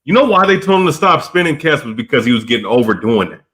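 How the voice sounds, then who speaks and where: A man in a casual wrestling debate with a mid-pitched voice that rises and falls a lot. He talks in loose, self-correcting runs and keeps checking in with "you know what I'm saying?". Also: big pitch swings, quick pace, fairly bright tone.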